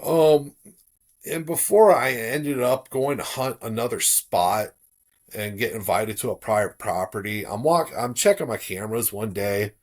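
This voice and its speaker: A middle-aged man from South Florida, a podcast guest telling a personal story in a relaxed, casual way, livening up when he quotes others. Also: fairly low pitch, measured pace.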